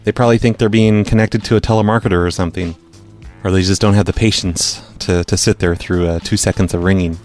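A man with a lowish voice hosts a prank call podcast. He talks casually and teases with dry sarcasm, and faint music sits behind him. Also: steady tone, quick pace, darkish tone.

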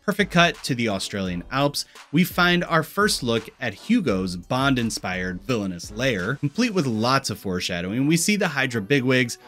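A man's voice: mid-range voice, very animated, moderate pace, few pauses, a bit bright, soft background music. A man with a Missouri accent narrating a scripted film commentary with wry, sarcastic asides. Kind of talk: scripted video-essay commentary.

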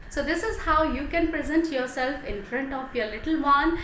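A woman's voice: sits high, moderate pace, a bit bright. A woman teacher and channel host giving a demo story lesson for young kids in a coaxing, sing-song tone. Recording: echoey room with faint noise.

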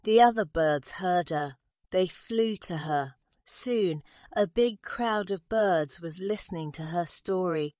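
A woman's voice: fairly low pitch, a little mellow, dry recording, clean studio sound. A woman narrating a simple graded reader story in a careful, plain way. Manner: slow, careful, simple wording.

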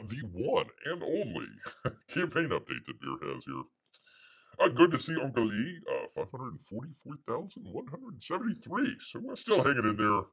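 A man hosting a casual livestream, rambling and halting as he calls himself by a nickname in the third person. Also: on the low side, creaky, a bit bright. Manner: halting, full of fillers and restarts. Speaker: livestream host.

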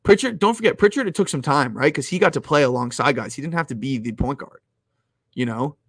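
A young man hosting a live stream about sports bets, talking casually and loudly at times, rambling with lots of "like"s and restarts close to his mic. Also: medium pitch, brisk, gravelly, husky, no echo. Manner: rambling, filler-heavy, restarts with "like"; animated, loud at times. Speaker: sports betting host.

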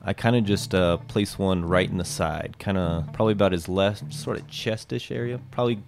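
A man's voice: low-pitched, moderate pace, gravelly. A man playing a tabletop game, describing his character's actions with frequent hesitations. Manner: hesitant, many "uh"s, laughs between lines. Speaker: player.

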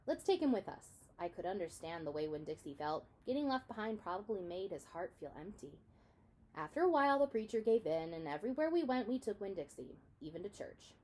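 A woman reading a children's novel aloud in an expressive storytelling manner. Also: lowish voice, fairly quick. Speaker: reader.

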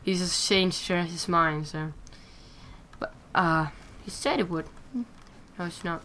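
A woman giving casual commentary over her own gameplay, excitable and quick to swear when frustrated. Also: on the low side, slight background noise. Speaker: gamer commentating her play.

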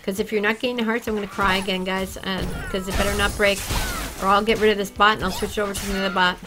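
A woman chatting casually and excitably with her viewers while she plays a game on a livestream. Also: mid-range voice, fast, over music, poor audio. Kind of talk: casual gaming livestream chat.

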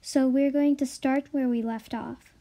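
Woman reader for a storybook channel, high and mellow, careful and plain. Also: steady tone, measured pace. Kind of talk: reading a story aloud to camera.

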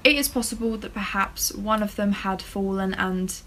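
A woman's voice: mid-range voice, moderate pace, fairly bright tone, slight background noise, low-quality recording. A woman vlogger talking casually to camera about a case. She hedges and often stumbles and restarts. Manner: chatty, hedging, stumbles over words. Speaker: true-crime vlogger.

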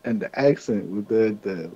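A man's voice: lowish voice, dark tone, breathy edge, dull audio. A man chatting casually as a podcast guest, laid-back and profane. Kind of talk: casual chat.

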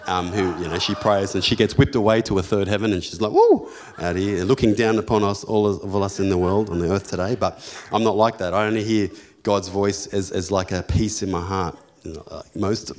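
Australian pastor, storytelling sermon. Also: male voice, on the low side. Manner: storytelling, jokey and lively, rising to loud preaching.

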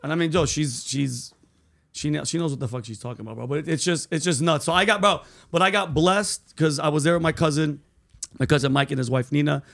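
Brief: male podcast host, loose profane storyteller, a bit high-voiced. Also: brisk, vocal fry. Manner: profane, animated storyteller, says bro and dude.

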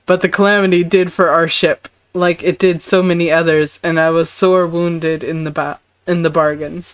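Woman reading as a gruff old ex-pirate. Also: fairly low pitch, level tone, normal speed, no echo, close to an everyday voice. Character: weathered old male ex-pirate orchard keeper. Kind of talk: reading game dialogue aloud.

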